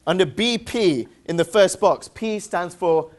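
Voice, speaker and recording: A high-pitched English man delivers an interactive motivational seminar, animated and upbeat though a little slow, with hardly any pauses. He teases the audience playfully and drills them with call-and-response questions.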